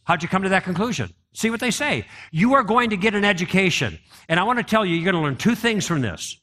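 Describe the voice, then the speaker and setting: A man's voice: high-pitched, animated, fast, bright, forceful tone. A man giving a conversational apologetics talk to a live audience, often asking them questions. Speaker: apologetics speaker.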